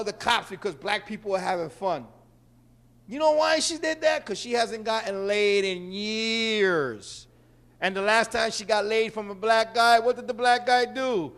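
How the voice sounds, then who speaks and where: A man from Puerto Rico hosting a show, delivering a brash, joking monologue with loud bursts. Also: very high-pitched. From Puerto Rican. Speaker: host. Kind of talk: stand-up style monologue.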